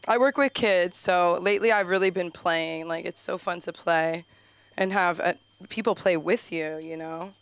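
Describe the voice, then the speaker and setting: A young woman rambles through a stand-up set into a handheld mic on a small club stage. Her voice is smooth and clear, and she keeps giggling, restarting and saying "like" as she talks. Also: lowish voice, normal speed, dry recording. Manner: chatty, giggly, full of "like" and restarts. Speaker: stand-up comic at an open mic.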